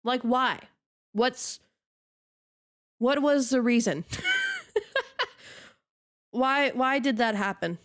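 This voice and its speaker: A woman's voice: a little high, lively intonation, very slow, long pauses. A woman streamer chatting casually on a live stream, ranting in an exasperated way and laughing often.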